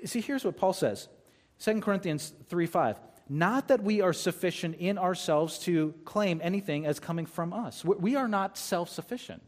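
A man's voice: high-pitched, animated, normal speed. A man preaching a sermon as pastor, talking conversationally and reading scripture aloud between his points.

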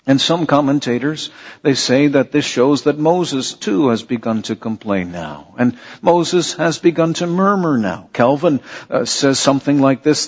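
A man's voice: on the high side, breathy edge, long reverb tail. A man preaching a sermon in an earnest way, repeating phrases and asking rhetorical questions of his listeners. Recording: dull lo-fi sermon recording.

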